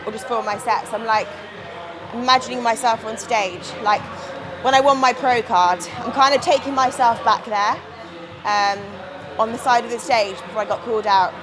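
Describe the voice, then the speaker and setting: A woman's voice: fairly high pitch, fairly even intonation, moderate pace, a crowd in the background, rough recording. A young woman chatting candidly and swearing casually as she walks through gym exercises in a vlog. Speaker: bodybuilding competitor. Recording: music playing behind.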